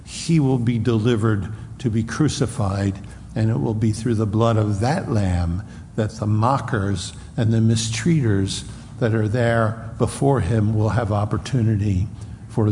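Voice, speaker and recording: A man preaching a sermon in an earnest way, sometimes acting out loud taunts from a crowd. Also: fairly low pitch, slight background noise. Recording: reverberant hall with faint ambience.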